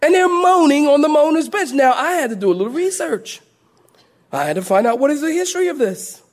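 A high-voiced middle-aged man preaching a sermon. He tells folksy stories, stumbles over restarts and repeated words, and breaks into acted-out moaning. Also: lively intonation, brisk. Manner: folksy storytelling preacher, acts out moaning church ladies. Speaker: pastor.

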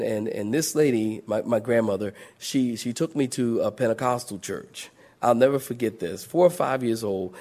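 A man's voice: mid-range voice, darkish tone. A middle-aged male pastor preaching a sermon in a folksy storytelling way, restarting and repeating words, and acting out moaning church ladies.

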